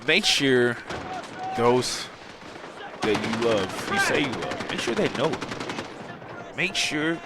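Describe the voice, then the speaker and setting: A man's voice: mid-range voice, big pitch swings, slow pace, pauses often, heavy background noise. A man, a gaming channel host, speaking a heartfelt personal monologue, choked up and repeating himself in a preacherly way. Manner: heartfelt, repetitive, preacherly phrasing.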